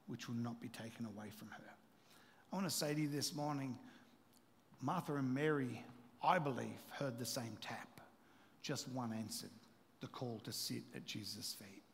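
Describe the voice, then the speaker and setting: A man preaching a sermon, impassioned and repetitive, building to loud emphatic peaks. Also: mid-range voice. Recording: long hall reverb.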